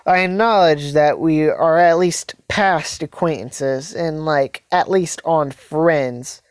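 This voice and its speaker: A grudging teenage werewolf king boy, put on by a woman talks flat and plain in a lowish voice. The sound is dry and close, with no room around it. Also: takes it slowly, dry recording.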